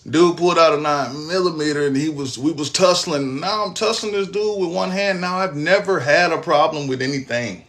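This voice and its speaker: A young man, telling a personal story in casual, profane, animated style. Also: on the high side, moderate pace, few pauses. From Texas, US. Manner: animated, profane storytelling with acted-out quotes and laughs.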